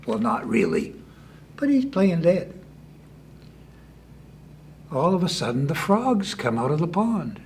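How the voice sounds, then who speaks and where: Folksy male storyteller, slightly high voice. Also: wildly swooping pitch, slow pace, pauses often, darkish tone, a little hiss or hum. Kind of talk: folk tale told to an audience.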